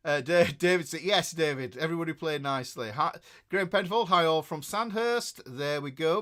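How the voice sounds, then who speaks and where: A man's voice: a little high, expressive, normal speed, bright, forceful tone. A man with a northern English accent hosting a guitar livestream, rambling chattily as he reads out viewer comments. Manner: rambling and chatty, with many fillers and restarts. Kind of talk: casual livestream chat, reading out viewer comments.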